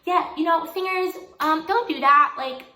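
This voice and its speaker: A young woman in her twenties casually telling a personal story to camera, animated and laughing often as she acts out what people said. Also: extremely high pitch, normal speed. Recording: echoey room with faint noise.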